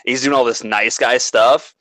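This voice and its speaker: A man's voice: mid-range voice, steady tone, moderate pace, fairly bright tone, dry recording, rough recording. A man in casual chat, animatedly retelling a movie plot and swearing freely.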